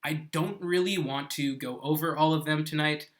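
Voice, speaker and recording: Based on a South Korean island, this man gives a live-streamed English grammar lesson in a slightly high, somewhat bright voice at a moderate pace. His explanations are patient, and he frequently asks his viewers "okay?"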